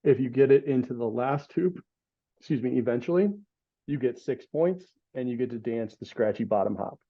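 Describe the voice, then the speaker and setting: A man guest on a podcast lays out how his product works, one step at a time, checking in with "okay?" as he goes. His voice sits at a middle pitch. The audio is muffled and lo-fi. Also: expressive, moderate pace. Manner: explanatory, walks through steps with "okay?" checks. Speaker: podcast guest, company co-founder. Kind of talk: explaining a product in an interview. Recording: dull lo-fi audio.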